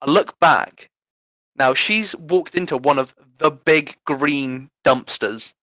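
A man's voice: a little high, takes it slowly, pushed and bright, no room sound, poor audio. An eighteen-year-old man with an English accent telling rambling, self-deprecating stories in a casual podcast chat. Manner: rambling, self-deprecating anecdotes, laughs often. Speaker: guest storyteller.

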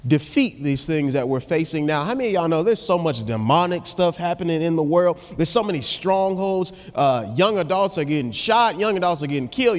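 A young adult man preaching a live sermon in a large church hall, reading scripture and praying in a rhythmic cadence that swells into emphatic hollering. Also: high voice. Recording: long reverb of a church hall with music behind.

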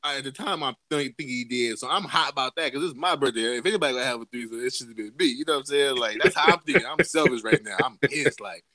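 A man's voice: mid-range voice, quick pace, hardly any pauses, bright, forceful tone. A man casually telling a profane story to friends on a podcast, acting out the people he quotes with big jumps in his voice. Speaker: podcast host.

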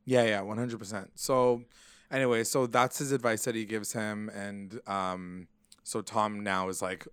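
A man at a middle pitch, talking in a relaxed and rambling way as he recaps an episode. His voice is smooth and clear. The sound is dry and close, with no room echo. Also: moderate pace. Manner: rambling, filler-heavy storytelling. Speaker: podcast co-host.

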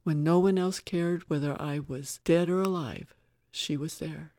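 A woman's voice: low-pitched, measured pace, warm tone, no echo. A wary young woman shaken by an accident, read by a woman narrator sounds earnest and anxious. The voice stays near the reader's own, recorded close and dry for an audiobook. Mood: fond.

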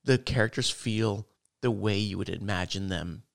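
A man co-hosting a podcast, telling stories in a rambling, animated way. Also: fairly low pitch, moderate pace, creaky. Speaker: podcast co-host. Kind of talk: casual chat.

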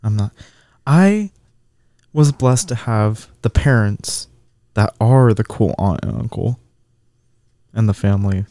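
A man co-hosting a casual podcast, talking in a relaxed, reflective way and laughing easily. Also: fairly low pitch, takes it slowly, pauses often, no room sound, studio quality. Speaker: podcast co-host.

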